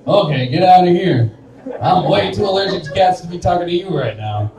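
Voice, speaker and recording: A young man from Wichita, Kansas, with a slightly high, dark voice, lively intonation and normal speed, does stand-up on the live stage of a small bar. The set is rambling and self-deprecating, he often laughs at his own jokes, and he's heard from a distance in an echoey room.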